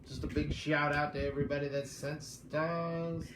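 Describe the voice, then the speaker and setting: A man's voice: fairly high pitch, little pitch movement, normal speed. A man co-hosting a live stream, reading out viewer comments and joking with the host. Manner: joking, teasing. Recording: echoey room with noise.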